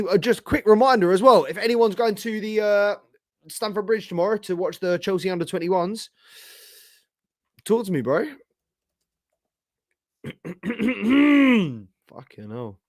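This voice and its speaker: A young man hosting a live football reaction stream, casual and sweary, his voice hoarse from shouting. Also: high-pitched, no room sound, clean studio sound. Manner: casual, sweary, slangy, talks to chat. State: losing his voice. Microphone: streaming setup with camera.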